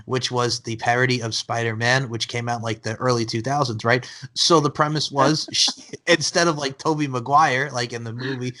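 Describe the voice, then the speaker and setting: A man's voice: medium pitch, fairly even intonation, moderate pace, bright, forceful tone. Chatty jokey male podcast host. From Long Island, New York. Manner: chatty, jokey, heavy on fillers. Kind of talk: casual interview chat.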